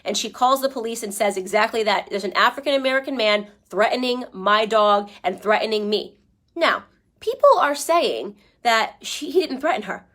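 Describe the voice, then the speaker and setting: A young woman talks straight at her audience, emphatic and argumentative. Her voice sits on the higher side, and she keeps pressing with "okay?" as she lays out her case. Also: brisk, a bit bright. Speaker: commentator. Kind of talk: opinionated commentary.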